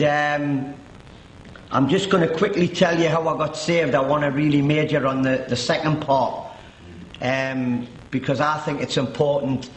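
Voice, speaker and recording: A middle-aged man from Newcastle with a Geordie accent, telling his personal testimony in a chatty, joking way with many restarts. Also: fairly high pitch. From Newcastle, England. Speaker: guest giving a testimony. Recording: roomy echo.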